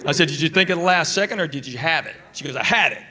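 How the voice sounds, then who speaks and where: A middle-aged man performing stand-up comedy, telling family stories in a deadpan way with pauses before punchlines. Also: a little high. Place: comedy club stage. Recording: live stage audio with audience laughter. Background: audience laughter.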